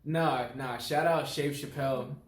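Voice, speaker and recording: A man's voice: medium pitch, fairly even intonation, measured pace. A man answering interview questions in a laid-back, hesitant way, often repeating his words. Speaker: guest. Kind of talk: casual interview. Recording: roomy echo, faint noise.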